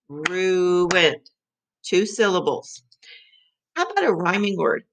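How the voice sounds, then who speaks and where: A woman's voice: on the low side, lively intonation, slow pace, long pauses. A middle-aged woman teaching vocabulary to young children, sounding out letters and syllables.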